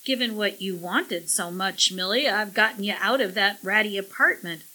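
A woman's voice: medium pitch, normal speed, sharp tone, low-quality recording. A woman voicing a sly, scheming male parrot who snickers and squawks smugly.

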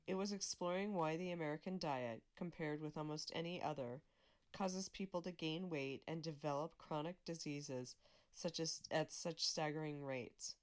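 Reading a magazine piece aloud as a volunteer, this woman has a low-pitched voice and a measured, even delivery, catching and correcting minor stumbles as she goes.

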